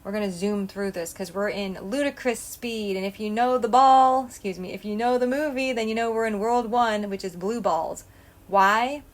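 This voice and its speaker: A woman's voice: medium pitch, normal speed. A woman hosting a solo podcast, talking in a scattered, stream-of-consciousness way, blunt and emphatic. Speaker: podcast host. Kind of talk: rambling solo podcast monologue.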